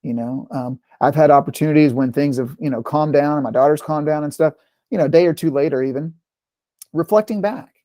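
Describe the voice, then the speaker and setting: Mellow-voiced man leading a parent workshop. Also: a little high, steady tone, fast, no room sound, studio quality. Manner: conversational, with frequent "right?" check-ins. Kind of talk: informal talk to parents.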